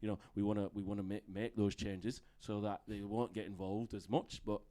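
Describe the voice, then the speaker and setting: A man impersonating a referees' official, talking in a measured, hesitant, official way. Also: on the low side, little pitch movement, dark tone, pitched below the performer's own voice, lightly acted. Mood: apologetic.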